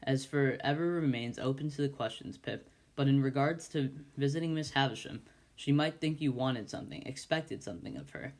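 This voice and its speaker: A man voicing a plain-spoken, kindly village blacksmith, slow and deliberate in an amateur audiobook reading. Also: medium pitch, lightly acted. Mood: pondering. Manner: ponderous, deliberate, rustic grammar.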